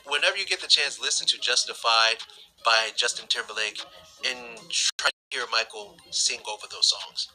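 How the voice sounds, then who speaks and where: A man with a very bright, sharp voice tells a story in loose, rambling casual chat, pushing his energy up and down. Music plays softly behind him. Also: mid-range voice, fairly even intonation, moderate pace, poor audio. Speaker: YouTube reactor.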